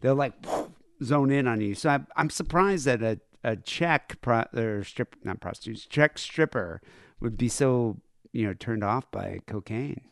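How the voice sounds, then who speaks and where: A man hosting a podcast, chatting casually in a relaxed, rambling way. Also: medium pitch, measured pace, creaky, no echo, studio quality. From United States. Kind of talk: casual chat.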